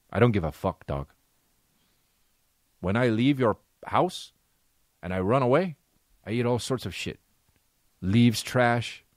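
This is a streetwise male stray dog voiced by a man, lazy and totally unbothered. He drawls in a voice pitched well below the speaker's own. The sound is dry, with no room on it. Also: dry recording, close to an everyday voice.

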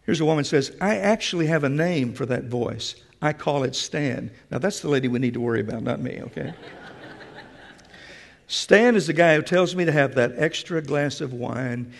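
The long reverb of a church hall surrounds this sermon. The preacher, a man with a slightly high, creaky, expressive voice, speaks at normal speed and talks emphatically and directly to the congregation in the sanctuary.

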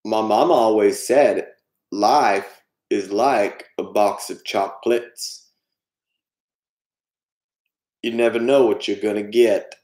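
A man doing an impression of a slow, earnest, simple-hearted man. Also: lowish voice, steady tone, darkish tone, natural voice. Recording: echoey room.

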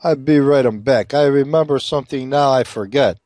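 A man voicing a gruff old-west saloon patron who talks in halting, broken English, low and slow. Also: a little mellow, no room sound, studio quality, close to an everyday voice. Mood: grumbling. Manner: halting, clipped broken speech.

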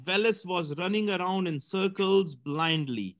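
A man's voice: high-pitched, slow. A male teacher reading a story aloud for a comprehension lesson, stumbling now and then and correcting himself.

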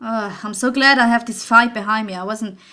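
Brisk and sharp-toned, her voice sits on the high side. She is a young gaming channel host narrating her horror game playthrough as let's play commentary, jumping at scares, cursing and giggling nervously.

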